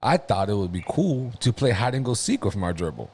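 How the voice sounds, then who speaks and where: Lively low-voiced man telling a story. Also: fairly quick, slightly rough. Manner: profane, animated, laughs through his own story. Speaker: podcast co-host. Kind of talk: casual storytelling.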